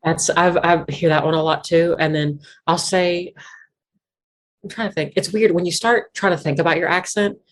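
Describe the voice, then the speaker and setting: A woman's voice: lowish voice, fairly even intonation, normal speed. A woman with a Virginia foothill Appalachian accent, chatting as an interview guest and rambling through many fillers and restarts. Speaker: guest musician. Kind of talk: casual interview chat.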